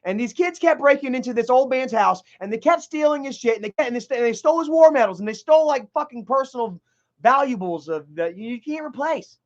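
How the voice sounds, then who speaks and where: On his stream, a man with a very high, expressive voice rambles briskly through a story, heated and swearing constantly, saying things over and over. The sound is lo-fi.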